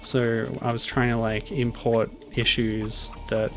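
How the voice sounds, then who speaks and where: Gravelly-voiced man chatting while gaming. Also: medium pitch, little pitch movement, takes it slowly. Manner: chatty, rambling off-topic tangents. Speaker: game streamer. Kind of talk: casual gameplay commentary. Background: game music.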